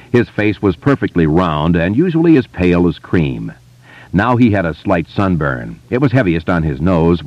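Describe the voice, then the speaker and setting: A man narrating an audiobook in an expressive, dramatic manner. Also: low voice, no room sound. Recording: slightly muffled dry studio.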